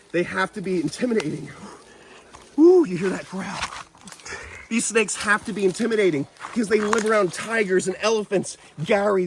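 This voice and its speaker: Brief: male wildlife vlogger, fairly high voice, excitable and chatty, outdoors on a camera mic. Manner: exuberant, bursts into shouts of joy; talks to the viewers, explains animal facts. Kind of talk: excited wildlife vlog narration. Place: outdoors in a forest in Thailand.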